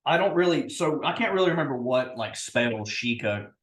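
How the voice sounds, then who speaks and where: Lively man chatting at a game table. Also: medium pitch, moderate pace. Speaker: player. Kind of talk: casual chat at the gaming table. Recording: echoey room.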